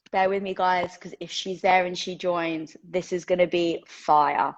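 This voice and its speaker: A woman's voice: medium pitch, steady tone, a little slow, few pauses, muffled recording. A woman talks candidly and with animation during a live stream, full of fillers and casual swearing as she gives motivational advice. Her voice sits in a mid range and rings in an echoey room. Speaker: host of a live social media video. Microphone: headset or phone mic.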